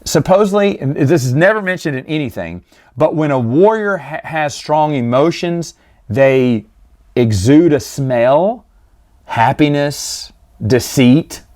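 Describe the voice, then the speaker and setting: A man's voice: a little high, expressive, takes it slowly, darkish tone. A man hosting a casual review monologue, rambling with jokey, exasperated asides. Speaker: host reviewing stories.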